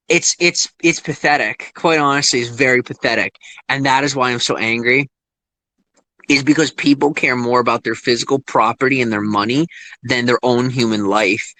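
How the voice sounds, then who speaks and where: Angry, swearing young man, dry sound. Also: dry recording. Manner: angry, profane, swings from low muttering to loud high outbursts; rambling with restarts. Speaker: vlogger. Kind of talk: emotional unscripted rant to viewers.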